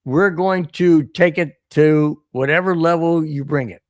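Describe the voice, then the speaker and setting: An American man co-hosting a casual sports podcast, telling a rambling story and reading out viewer chats in an excitable way. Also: on the high side, a little slow, no room sound, clean studio sound. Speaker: podcast co-host.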